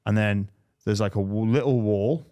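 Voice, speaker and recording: A lower-pitched man in his thirties with a Liverpool accent chats on a podcast. He rambles through animated stories and acts out the quotes. The sound is close and dry. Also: moderate pace, dry recording. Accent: Liverpool English. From England. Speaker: podcast host. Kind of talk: casual chat.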